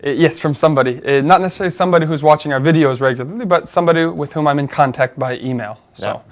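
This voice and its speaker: Man explaining ideas in a higher voice. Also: rapid-fire. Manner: thoughtful, explaining step by step with many fillers and restarts. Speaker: co-host. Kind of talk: conversational discussion.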